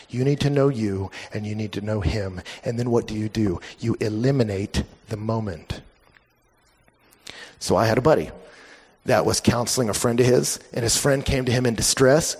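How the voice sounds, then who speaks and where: A man preaching a sermon, telling stories and acting out both sides of the conversations with lively energy. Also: medium pitch, breathy edge. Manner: animated storytelling preacher, acts out dialogue. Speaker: pastor. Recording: long hall reverb.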